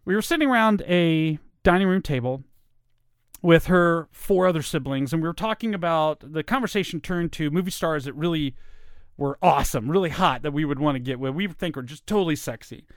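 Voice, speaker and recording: A man's voice: fairly high pitch, expressive, brisk, no echo, clean studio sound. A man with a Southern American accent talking to his computer in a casual, self-deprecating monologue. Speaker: vlogger. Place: at home in front of a computer.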